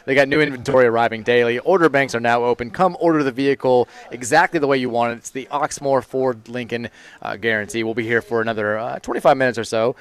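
A man hosting a live sports radio show, brisk and upbeat, reading ads and talking sports. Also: medium pitch, clean tone. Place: live broadcast at a car dealership.

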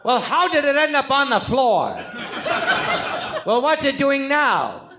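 A man's voice: very high voice, big pitch swings, slow pace, reverberant, noisy background, pitched above the performer's own voice, exaggerated voice. A man voicing a frantic gangster with a muddled mind, impatiently trying to get off the phone with his mother. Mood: exasperated. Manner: impatient, keeps trying to hang up. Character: frantic brain-addled gangster son phoning his mother. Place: live podcast theatre stage.

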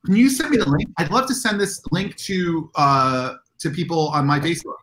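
This convention organizer, interviewed about his work, animatedly acts out dialogue while telling enthusiastic stories. His fairly high voice moves at a moderate pace, captured in a reverberant, low-quality recording with slight background noise.

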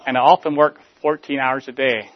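A man reading the lines of a composed mother who answers coolly and slowly, with a slightly muffled sound. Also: mid-range voice, little pitch movement, close to an everyday voice. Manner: cool, deliberate. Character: composed young mother, quietly proud.

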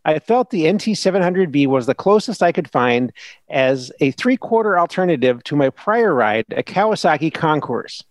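A man doing an earnest Midwestern motorcycle fan with a broad Minnesota accent and a slow, folksy delivery. The voice sits somewhat high for a man and sounds close and dry, with no room around it. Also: animated, no room sound, natural voice. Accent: put-on Upper Midwest, Minnesota. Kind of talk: reading a listener email aloud.

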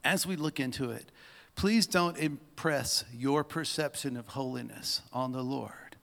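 A man preaching a sermon in a church, moving between soft asides and loud emphasis. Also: mid-range voice, measured pace, gravelly, in a large hall.

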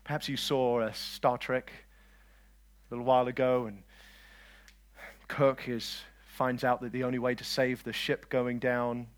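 A man preaching a lively sermon, swinging between loud declarations and quiet asides and joking with his listeners. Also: medium pitch, measured pace. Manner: jokes with the audience.

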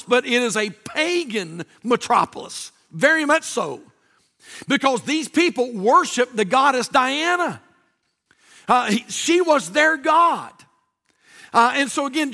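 A male pastor preaching a sermon, stressing key words with slow drawn-out emphasis and rising to shouts. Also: very high voice.

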